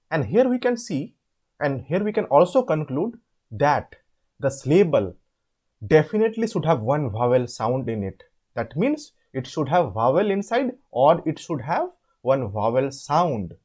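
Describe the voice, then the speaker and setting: An online tutor walks through an assignment step by step, posing questions and answering them himself. His voice sits on the high side, a little mellow and husky, and he repeats words slowly to demonstrate pronunciation.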